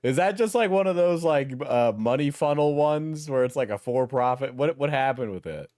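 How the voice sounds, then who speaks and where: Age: unknown. Role: streamer. Style: lively, profane reaction commentary. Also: medium pitch, moderate pace. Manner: profane, laughs often, incredulous. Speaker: streamer reacting to an award show clip.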